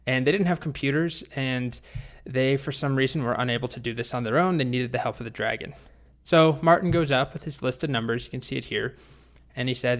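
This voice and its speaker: A man teaching programming, telling a story in a playful, lively way before the lesson. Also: mid-range voice, moderate pace. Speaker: programming instructor. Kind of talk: storytelling tutorial.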